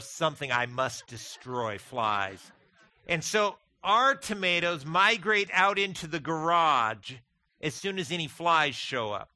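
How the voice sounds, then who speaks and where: Guy preaching a sermon, super bright voice, folksy and jokey, dry close sound. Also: fairly high pitch, no room sound. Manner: folksy, animated storytelling with humor; addresses the congregation as "folks". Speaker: pastor.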